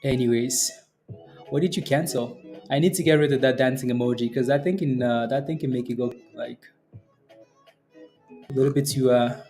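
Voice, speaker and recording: A day-trading livestream host gives live market commentary in a dark-toned, mid-range voice at normal speed, leaving long pauses. He cheers a rising stock with repeated exclamations and laughs often while answering viewers' chat, with soft music playing behind him.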